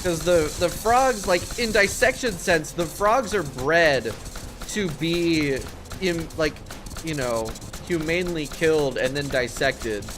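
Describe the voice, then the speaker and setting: A man's voice: a little high, slow pace, noisy background. A man streaming a video game live, talking to chat in a profane, exasperated rant. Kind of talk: live gaming stream commentary.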